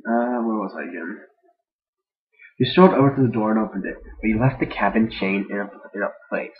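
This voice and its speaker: Reading fan fiction aloud in a casual, unedited take, a man rambles, cracks jokey asides, and stumbles over words. His voice sits on the low side and moves briskly, recorded on a dull lo-fi home mic.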